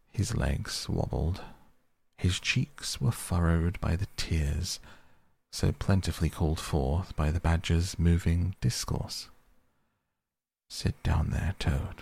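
A man reading a storybook aloud as narrator, slow and deliberate. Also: low-pitched, creaky, darkish tone, husky.

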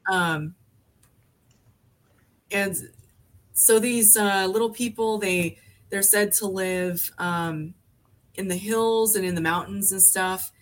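A woman in her forties from Alaska, appearing as a podcast guest, chats casually at a slow pace with a medium-pitched voice. She pauses often and rambles, her speech full of fillers and restarts.

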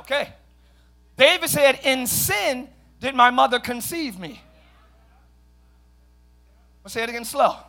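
A middle-aged male pastor preaching a sermon in a church, often shouting, with playful asides to the congregation. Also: extremely high pitch, slow, pauses often. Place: church sanctuary.

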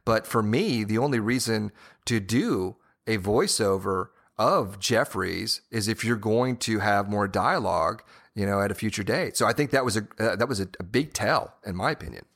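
A man with a fairly low voice co-hosts a casual podcast and talks through his theories at length. He rambles and leans on filler phrases, and he restarts sentences often while he thinks. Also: expressive, moderate pace, fairly bright tone. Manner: rambling, with many "you know"s. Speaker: podcast co-host. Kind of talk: casual TV-show discussion.

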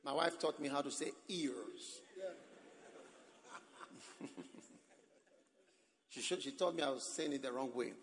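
A man preaching a sermon, moving from low murmurs to shouted exhortation. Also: unhurried, pauses often, in a large hall, background noise.

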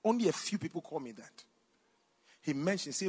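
A man preaching a sermon, telling a personal story with sudden shouts and bursts of laughter. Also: on the high side, very animated, moderate pace, husky. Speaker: pastor.

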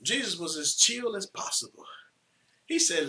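A man preaching in an echoing church, his voice pitched high and ringing very bright. He leans on repeated phrases and swells his emphasis from one line to the next. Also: lively intonation, a little slow. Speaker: pastor. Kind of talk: sermon.

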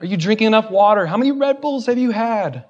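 A man with a high voice preaches a sermon in a church. He jokes at his own expense and laughs often, then builds to loud, fervent declarations. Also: lively intonation, quick pace, muffled recording. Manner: self-deprecating, joking, laughing often. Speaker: guest preacher.

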